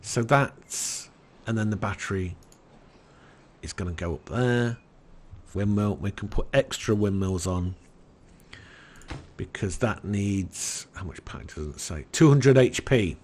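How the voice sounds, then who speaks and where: An Englishman with an English accent giving relaxed let's-play commentary in a soft, soothing, unhurried way. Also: fairly low pitch, a little hiss or hum. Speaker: game commentator.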